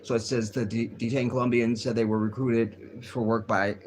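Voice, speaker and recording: A man's voice: mid-range voice, flat delivery, moderate pace, slight background noise. A man hosting a casual livestream, reading news aloud and riffing on it in a rambling, profane way. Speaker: livestream host.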